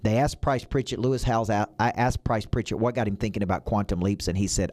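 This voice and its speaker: A man's voice: lowish voice, fairly even intonation, quick pace, few pauses, darkish tone. Emphatic man giving a motivational talk. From United States. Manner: emphatic, repeats phrases in punchy lists. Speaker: business coach.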